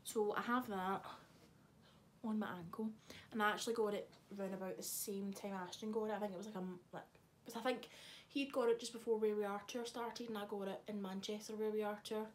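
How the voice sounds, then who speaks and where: A young woman talks casually to her camera, chatty and loose with her swearing. Her voice sits at a middling pitch, with a faint hiss of noise behind her. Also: steady tone, fairly quick. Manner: chatty, swears freely, teasing asides. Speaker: vlogger. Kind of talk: casual chat.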